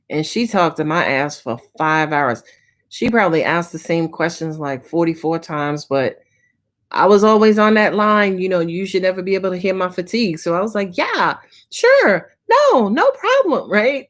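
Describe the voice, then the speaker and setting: This tarot reader, a woman with a lowish voice, fields questions from her live-stream audience. Her talk is casual, profane and heavy with slang, and there's a weariness in how she sounds.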